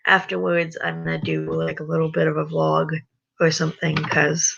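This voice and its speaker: A tired young woman on a casual livestream, chatting hesitantly between stretches of reading aloud. Her voice is low and gravelly but bright in tone. The recording is dull and lo-fi. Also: monotone, normal speed. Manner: chatty, hesitant, self-correcting. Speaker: livestream host reading a story. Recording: dull lo-fi sound.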